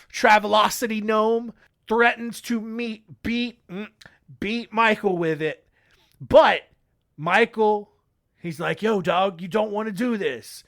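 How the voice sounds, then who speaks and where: A male podcast host tells a story in a comic, rambling way and keeps cutting in on himself with jokes. His voice sits high and sounds bright. He talks at an unhurried pace. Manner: rambling, jokey, self-interrupting.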